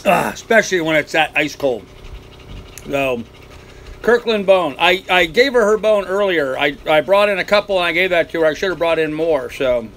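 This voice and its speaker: A man's voice: fairly high pitch, expressive, moderate pace, a bit bright, rough recording. An older man from the United States, hosting a live stream from his boat cabin and answering viewer comments in an easygoing way. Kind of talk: casual live-stream chat. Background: faint fan noise.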